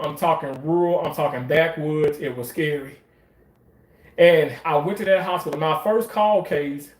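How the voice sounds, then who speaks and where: A man's voice: fairly high pitch, reverberant. A man telling a story in a casual, emphatic way, swearing often and repeating phrases for effect. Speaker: commentator.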